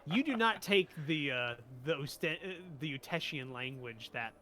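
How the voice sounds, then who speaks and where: A man running a tabletop game as game master, halting and laughing as he narrates. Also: a little high, very animated, crowd noise. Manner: halting, full of fillers and laughs.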